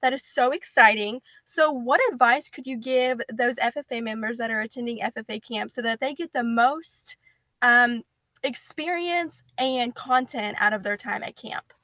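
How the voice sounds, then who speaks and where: A woman's voice: a little high, normal speed, bright, forceful tone, no echo. A woman hosting a podcast interview, asking questions with enthusiasm. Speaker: podcast host.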